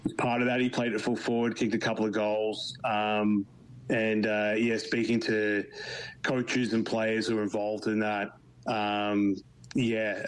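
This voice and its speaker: An Australian man from Melbourne, interviewed on radio, talking in a halting way with many fillers and restarts. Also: fairly low pitch, low-quality recording. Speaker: guest, football club official in Canada.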